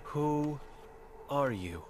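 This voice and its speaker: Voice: medium pitch, animated, drawn-out words, darkish tone, slight background noise. A game voice actor playing an old blind, mute woman who speaks in grim, clipped fragments. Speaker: game character.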